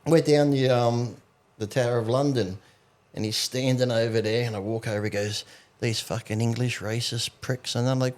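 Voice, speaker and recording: A man talks at a quick clip in a casual podcast chat. He swears freely and acts out what other people said as he tells his stories. His voice sits at a middle pitch. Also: steady tone, darkish tone. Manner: swears freely, acts out quotes while storytelling. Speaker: podcast guest.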